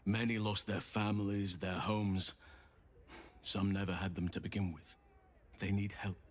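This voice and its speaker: An actor voicing a gentle, solemn male druid companion in video game dialogue, earnest and measured. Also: low-pitched, level tone. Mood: tender.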